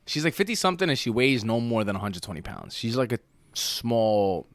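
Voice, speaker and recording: A man co-hosting a podcast, telling stories in casual chat with an animated delivery and bursts of loud laughter. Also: medium pitch, brisk, no echo. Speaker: podcast co-host.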